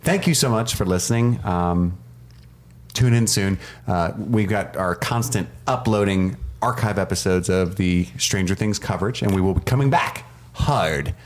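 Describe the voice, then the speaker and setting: A man's voice: deep voice, normal speed. A man co-hosting a casual podcast chat, joking and laughing often as he talks. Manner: jokey, laughs often, animated. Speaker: podcast co-host.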